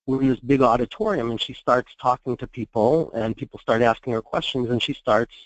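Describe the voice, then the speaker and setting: A man presenting a therapy case at a conference, telling it in a measured, explanatory way with frequent fillers. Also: medium pitch, no room sound, rough recording. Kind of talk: conference talk, case storytelling.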